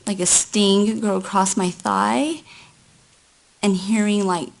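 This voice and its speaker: Slow, gravelly-voiced woman testifying. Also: medium pitch, steady tone. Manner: slow, halting recounting. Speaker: trial witness. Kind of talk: courtroom testimony.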